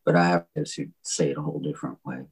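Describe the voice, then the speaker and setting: A man with a soft Southern US accent, a songwriter talking about his songs in a reflective, halting way with many restarts. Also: very deep voice, fairly even intonation, slight background noise, poor audio. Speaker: songwriter guest. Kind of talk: reflective interview talk.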